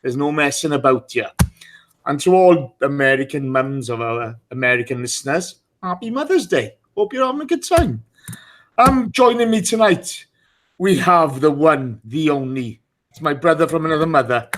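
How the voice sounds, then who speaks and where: A man's voice: on the high side, lively intonation, moderate pace, fairly bright tone, slight background noise. A man hosting a live podcast in a casual, chatty way, teasing his guests and greeting listeners by name. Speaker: podcast host.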